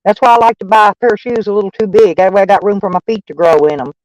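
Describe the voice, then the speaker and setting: A woman's voice: medium pitch, very fast, darkish tone, dry recording, low-quality recording. A woman with a Texan accent chatting casually on a live stream, rambling and swearing freely as she thanks viewers. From Texas. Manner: rambling, profane, folksy.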